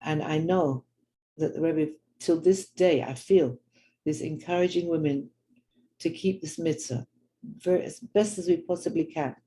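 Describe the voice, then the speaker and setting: A woman's voice: low-pitched, unhurried, mellow, poor audio. An older woman with a London accent telling personal stories earnestly, acting out the people she quotes. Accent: London English. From grew up in London. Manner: earnest storyteller who acts out quoted people. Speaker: Jewish women's teacher and speaker. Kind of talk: personal storytelling talk.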